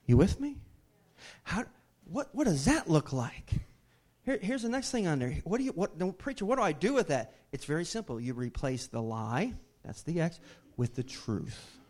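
High-voiced man preaching emphatically. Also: big pitch swings, normal speed, darkish tone. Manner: emphatic, repeats phrases, asks the congregation questions. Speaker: pastor. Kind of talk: sermon.

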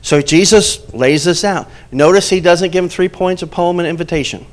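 A male pastor preaching a sermon, emphatic, quizzing the congregation and dropping from loud points to soft, quiet asides. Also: high voice, moderate pace.

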